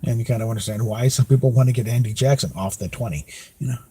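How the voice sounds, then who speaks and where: A man's voice: mid-range voice, fast, warm tone, breathy edge. A man, rambling through casual podcast chat, full of fillers and chuckles. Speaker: podcast host.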